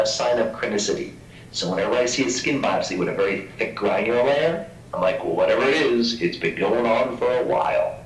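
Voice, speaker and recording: A mid-pitched man lectures a class with animated energy and jokes. He is heard from a distance in a reverberant room. A faint rumbling noise sits underneath. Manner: animated, joking, acts out quoted voices. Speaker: pathology lecturer. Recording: echoey room from far off mic.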